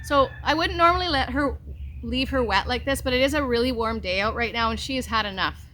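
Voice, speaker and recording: A woman's voice: on the high side, fairly quick, bright, forceful tone, a little hiss or hum. A woman vlogging from her farm, casually explaining animal care and coaxing her animals along. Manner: chatty, coaxing talk to animals. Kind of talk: casual instructional vlog.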